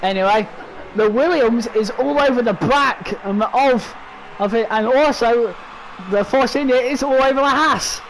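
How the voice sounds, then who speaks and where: Brief: young British man, very high voice, excitable sim-racing commentator, faint hiss behind. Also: unhurried, poor audio. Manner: excitable, exclaiming, laughing at crashes. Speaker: race commentator.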